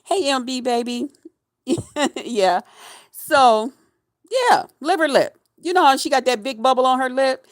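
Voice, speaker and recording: A woman's voice: sits high, lively intonation, measured pace, pauses often, no echo, studio quality. A woman livestreaming a mocking rant at her viewers, taunting and emphatic, laughing between jabs and repeating her phrases.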